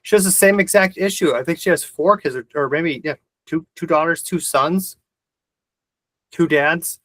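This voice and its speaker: A man's voice: a little high, moderate pace, fairly bright tone. A man hosting a video call discussion, talking intensely and ranting with heavy swearing. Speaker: host of the discussion.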